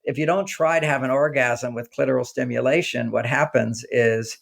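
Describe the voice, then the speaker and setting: A man, an author being interviewed, talking casually and telling animated stories in which he acts out the dialogue. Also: mid-range voice, moderate pace, creaky. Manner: animated storyteller acting out quoted dialogue. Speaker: author and guest.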